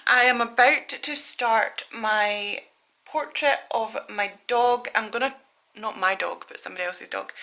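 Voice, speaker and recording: A woman's voice: on the high side, pushed and bright. A woman in her thirties from Scotland, chatting casually and rambling in a studio vlog, laughing at herself. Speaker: artist vlogger.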